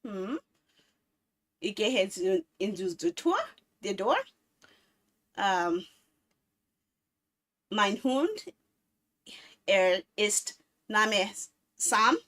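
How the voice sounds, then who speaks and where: A woman's voice: medium pitch, animated, very slow, pauses often, fairly bright tone. A woman in her thirties streaming a casual chat, rambling playfully and laughing often. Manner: playful, silly baby talk.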